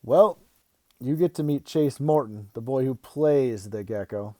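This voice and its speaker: A bouncing, excitable father bursting with news, pitched up and eager, as a man reading aloud puts him on. His tone is mellow and dry, close and playful, a storybook dad who can't sit still. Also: unhurried, no room sound, close to an everyday voice. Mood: excited. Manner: eager and loud, teasing.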